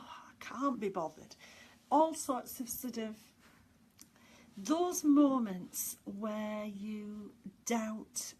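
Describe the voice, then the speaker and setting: A woman's voice: fairly high pitch, darkish tone, breathy edge. A middle-aged woman, a medium giving weekly guidance, chatting casually and laughing often on a live stream with filler words.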